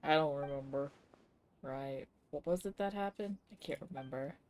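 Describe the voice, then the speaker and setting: A woman's voice: low-pitched, normal speed, darkish tone. A young woman streaming a game live, reacting with emotional exclamations and reading game text aloud. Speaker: VTuber streamer.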